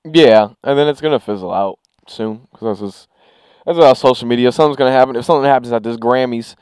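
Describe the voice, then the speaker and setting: Blunt, profane man with a smooth voice. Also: mid-range voice, fast talker, darkish tone, no echo. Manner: blunt and profane, lots of fillers. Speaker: podcast co-host. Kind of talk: casual chat.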